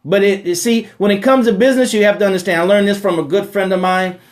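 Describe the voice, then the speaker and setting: A man's voice: high-pitched, fairly even intonation, quick pace. A man hosting a live question-and-answer talk about money, speaking emphatically in a preachy way, repeating phrases and tagging lines with rhetorical "right?" asides.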